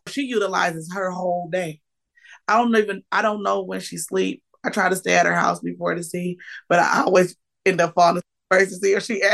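A woman in her forties, a comedian guest on a podcast, talking in a lively, emotional way, laughing often and bursting into excitement. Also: lowish voice, creaky. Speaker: guest, comedian and keynote speaker. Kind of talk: casual podcast interview.

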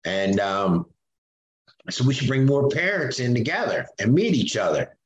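A man's voice: medium pitch, moderate pace, muffled recording, slight background noise. Older man, roomy sound. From Philadelphia, USA. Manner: animated, acts out quoted voices, frequent fillers. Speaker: podcast guest. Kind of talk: conversational storytelling.

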